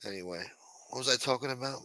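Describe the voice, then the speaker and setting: This livestream host has a mid-range, bright, forceful voice and talks fast, captured in a dry, clean studio recording. He's crude and mocking as he reacts to chat and thanks supporters, keeping the profane banter casual.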